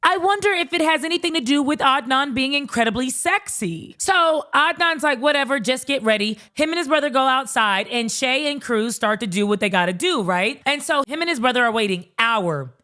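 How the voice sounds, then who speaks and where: Lively young woman retelling reality TV drama. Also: high-pitched, brisk, hardly any pauses. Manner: animated storytelling, acts out people with raised voice, laughs often. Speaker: commentary host. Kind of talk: casual reality-show commentary.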